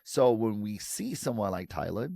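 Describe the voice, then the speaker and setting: A lower-pitched American man from Detroit speaks as a guest in an interview. He is animated and slips into quoted voices to make his point. The sound is dry and close. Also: normal speed, gravelly, no room sound. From Detroit, United States. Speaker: guest, professor and author. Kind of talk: conversational interview.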